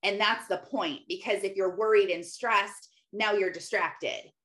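A woman's voice: medium pitch, fairly even intonation, a little slow, fairly bright tone. Conversational woman retelling scripture. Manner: conversational retelling with frequent "like" fillers. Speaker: mother sharing faith reflections. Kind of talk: casual devotional talk on scripture.

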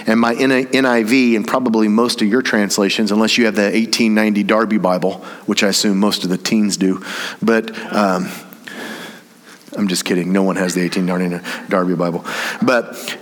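A man's voice: lowish voice, steady tone, normal speed. A pastor preaching a sermon in a church service, talking conversationally and making teasing asides while he explains the grammar of a verse. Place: church sanctuary during a service. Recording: long hall reverb from a church sanctuary.

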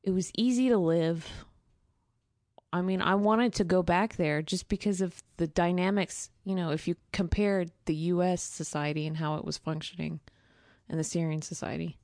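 A woman who is a guest in a casual interview, explaining earnestly and filling pauses with fillers. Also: fairly low pitch, steady tone, a little mellow, no echo, clean studio sound.

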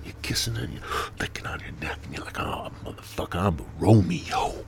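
A man hosting a podcast, rambling crudely and swearing a lot, dropping to mutters and jumping into loud mock voices. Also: on the low side, slight background noise. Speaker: podcast host.

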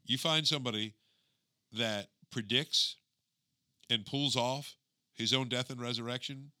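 A man co-hosting a podcast in casual chat, talking in an animated, emphatic storytelling way. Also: medium pitch, a little slow, no echo, studio quality. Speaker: podcast co-host.

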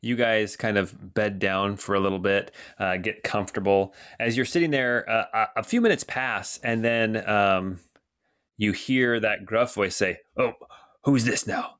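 Low-voiced man running a tabletop game. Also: unhurried, fairly bright tone. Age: middle-aged. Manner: casual, rambling, many fillers. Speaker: game master.

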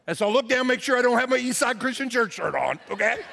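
A man preaching a sermon as pastor, telling a story and shouting lines out for emphasis. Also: extremely high pitch, expressive, gravelly, slight background noise. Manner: storytelling, shouts for emphasis, drawn-out slow phrases. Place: church auditorium. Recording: long hall reverb.

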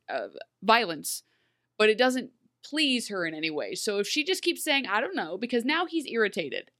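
A woman co-hosting a casual TV recap podcast, talking in an animated way with lots of asides and fillers. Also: a little high. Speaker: podcast co-host.

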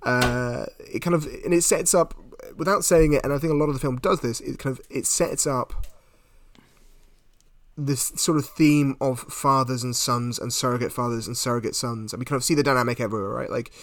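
A man's voice: mid-range voice, steady tone, fairly quick, no room sound. A man in a casual film discussion, retelling the plot at length with many restarts and fillers.

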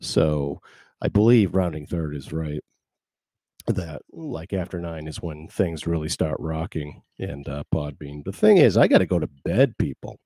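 A man's voice: a bass voice, big pitch swings, a little slow, warm tone, dry recording, clean studio sound. A man hosting his podcast live, rambling in casual chat with wry asides. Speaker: podcast host.

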